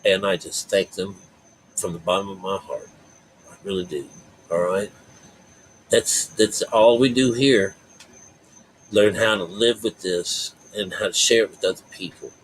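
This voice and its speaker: A man's voice: deep voice, unhurried, pauses often, slight background noise, poor audio. A man giving a rambling, folksy spiritual talk to his viewers, full of fillers and asides. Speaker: spiritual vlogger.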